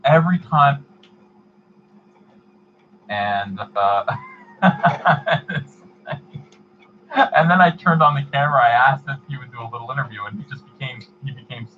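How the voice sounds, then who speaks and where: A man hosting a livestream, chatting casually and reading donations, in a rambling, halting way. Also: mid-range voice, narrow, tinny audio, slight background noise. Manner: rambling, halting, many fillers and restarts. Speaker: livestream host.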